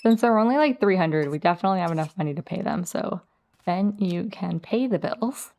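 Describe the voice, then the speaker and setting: A woman's voice: lowish voice, lively intonation, a little fast, darkish tone. Chatty woman narrating her life-sim game. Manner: chatty, talks directly to her game characters. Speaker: let's play host. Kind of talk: casual gameplay commentary.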